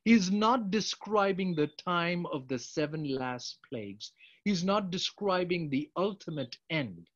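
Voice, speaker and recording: A man preaching a sermon, emphatic, swinging between loud urgent appeals and quiet asides. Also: fairly high pitch. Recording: dull, lo-fi sound.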